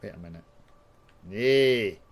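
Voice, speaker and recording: A man's voice: lowish voice, expressive, takes it slowly. A man with a Scottish accent chatting casually on his channel, ranting and swearing while he plays a puzzle game and talks to viewers. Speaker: YouTuber. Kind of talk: casual gaming chat with swearing.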